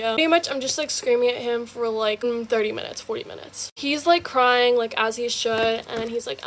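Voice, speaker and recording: A woman's voice: a little high, a little fast, a little hiss or hum. Rambling young woman telling her story. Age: young adult. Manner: rambling, lots of fillers. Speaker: TikTok storyteller. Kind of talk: casual storytime confession.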